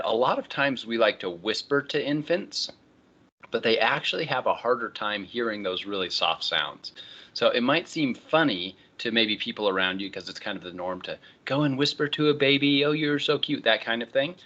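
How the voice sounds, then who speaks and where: A male college instructor giving a relaxed, conversational online lecture, often moving on with "all right, so.". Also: medium pitch, normal speed, dull audio. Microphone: computer microphone.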